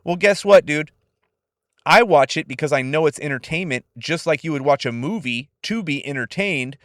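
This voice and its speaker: Brief: young man from California, slightly higher voice, dry close podcast sound, swears freely while chatting. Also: no echo. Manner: profane, laid-back and animated. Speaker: podcast host. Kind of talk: casual solo podcast monologue.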